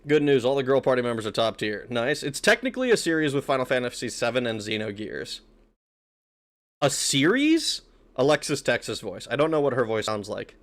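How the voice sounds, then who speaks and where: A man's voice: medium pitch, expressive, quick pace, hardly any pauses. A man streaming a video game who talks casually, swears often and laughs a lot. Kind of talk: let's play commentary.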